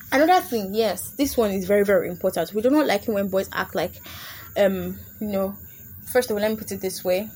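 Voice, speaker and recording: A woman's voice: medium pitch, darkish tone, a little hiss or hum. A young adult woman hosting a casual comedic podcast, chatty and laughing often as she slips into put-on voices. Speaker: podcast host.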